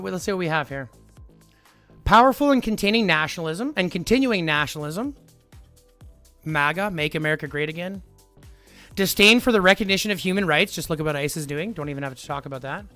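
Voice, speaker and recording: A man's voice: high-pitched, bright, forceful tone, dry recording. A man arguing heatedly with his live-stream chat, lecturing and repeating his points. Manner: combative, lecturing, repeats himself.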